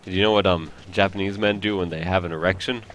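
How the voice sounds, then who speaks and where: Speaking fast with a low, fairly even, slightly bright voice, this French-speaking man hosts a let's play, rambling on and mocking himself with jokes as he comments on a video game. The sound is lo-fi, with a little background noise.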